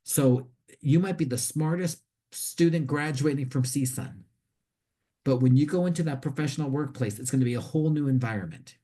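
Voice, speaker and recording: A man's voice: medium pitch, moderate pace, mellow. A man giving career advice to students in a conversational way, often restarting and repeating words as he explains. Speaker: career coach. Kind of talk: instructional talk to students.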